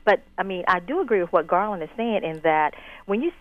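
A woman's voice: on the low side, animated, fairly quick, dry recording. A woman calling in to a radio talk show, talking in a hesitant way and searching for her words. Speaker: caller. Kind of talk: radio call-in discussion. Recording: tinny phone line.

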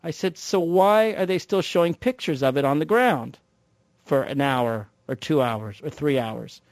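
A man hosting a talk show, delivering an animated monologue full of rhetorical questions. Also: fairly high pitch, a little slow, dry recording. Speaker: radio talk show host.

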